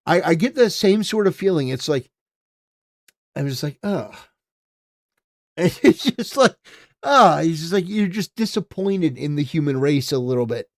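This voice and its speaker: A man's voice: a little high, lively intonation, moderate pace, pauses often, no echo, studio quality. A man hosting a political commentary livestream, talking casually with rambling, stammering restarts and swings from mumbling to emphatic.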